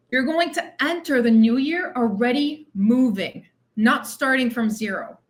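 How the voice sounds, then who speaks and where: Female coach-host, blunt and motivating, slightly high pitch, punchy repetition. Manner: direct tough-love, repeats phrases for emphasis. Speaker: weight loss coach and podcast host. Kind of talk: motivational monologue.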